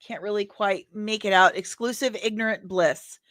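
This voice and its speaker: A woman's voice: mid-range voice, moderate pace, fairly bright tone, dry recording, studio quality. A woman hosting a pop culture news show in a casual, chatty way, reading viewer comments aloud and rambling into personal asides.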